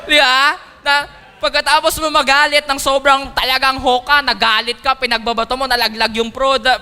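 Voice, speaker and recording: A man with a Filipino accent preaching a sermon, mixing Tagalog and English with emphatic, animated delivery. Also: very high voice, brisk, soft background music. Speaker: pastor. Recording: long hall reverb.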